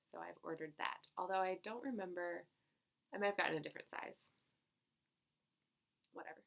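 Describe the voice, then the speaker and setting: Giggly woman with a gravelly low voice. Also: moderate pace, fairly bright tone. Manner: chatty and giggly, rambling with fillers. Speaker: cross-stitch vlogger. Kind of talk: casual chat.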